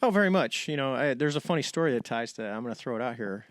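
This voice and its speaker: A middle-aged American man telling stories as a podcast guest, animated and acting out the people he quotes. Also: mid-range voice, rapid-fire. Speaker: podcast guest, retired navy pilot. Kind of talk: casual storytelling.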